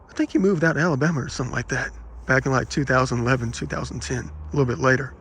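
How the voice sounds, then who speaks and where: A man vlogging, telling rambling personal anecdotes in an aggrieved, animated way and quoting the people in them. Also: medium pitch, fast talker, slightly rough. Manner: aggrieved, animated retelling with quoted dialogue.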